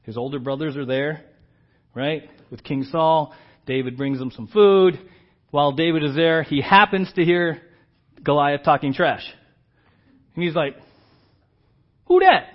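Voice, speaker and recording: A man's voice: fairly high pitch, measured pace. A middle-aged man preaching a sermon in a conversational way, often checking in with "right?" and acting out quotes, in a slightly muffled recording. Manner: conversational, keeps asking "right?"; acts out quoted characters with big swings in loudness. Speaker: pastor.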